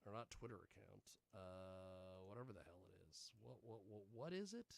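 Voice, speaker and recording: Gravelly-voiced man hosting a rambling show. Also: fairly low pitch, expressive, normal speed, dry recording. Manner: rambling, jokey asides to himself. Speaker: radio show host. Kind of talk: casual live show chat.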